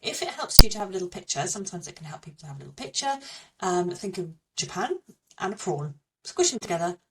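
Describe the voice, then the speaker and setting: A woman teaching beginner French, slowly repeating each phrase with care. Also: fairly low pitch, sing-song, recorded from a distance, heavy background noise. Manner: slow, careful repetition of phrases. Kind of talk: beginner language lesson.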